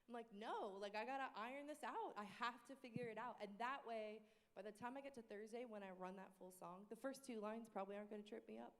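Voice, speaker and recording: Lively woman speaking in an echoing hall. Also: fairly high pitch, quick pace, few pauses. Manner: lively and expressive, breaking into sung demonstrations. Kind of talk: casual panel discussion. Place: church worship space. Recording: echoey hall reverb.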